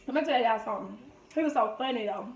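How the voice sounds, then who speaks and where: Fast, creaky, and on the high side, a woman's voice reaches a distant mic in an echoey room. She's a vlogger chatting through family memories in a food video, acting out the people she quotes with lively voices.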